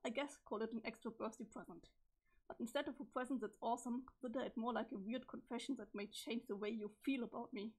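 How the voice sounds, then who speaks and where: A woman reading the part of a calm, cryptic teenage boy from the future in a webcomic, in a flat, measured delivery with a strained voice. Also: fairly high pitch, breathy edge. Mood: deadpan. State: strained, failing voice. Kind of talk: reading a webcomic's chat logs aloud.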